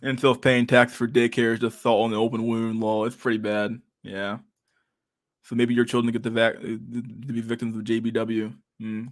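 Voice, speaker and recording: A man talks loosely and profanely at a middle pitch. He reads messages aloud and laughs between remarks. His talk is laid-back and full of fillers. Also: completely flat delivery, moderate pace. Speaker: streamer reading chat. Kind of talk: casual chat.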